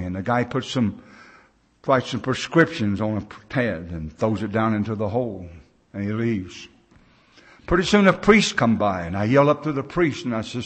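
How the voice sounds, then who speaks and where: An older man with an American accent, speaking at a mid-range pitch, tells his recovery story to a large gathering. He is plain-spoken and folksy. He slips into the voices of the people he quotes. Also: very animated, moderate pace, fairly bright tone, breathy edge. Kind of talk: personal recovery story told to a conference crowd.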